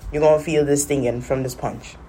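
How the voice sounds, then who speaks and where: A woman's voice: extremely low pitch, brisk, a little hiss or hum. Sassy woman ranting. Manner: animated, sassy storytelling with patois slips. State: coughing. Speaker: vlogger. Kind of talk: casual smoking-session rant.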